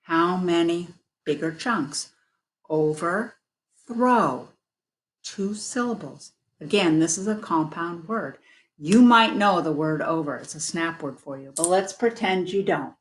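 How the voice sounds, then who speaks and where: A woman teaching a phonics lesson at a slow, careful pace, stretching words into their sounds. Her voice sits a little low. The recording has a roomy echo. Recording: echoey room.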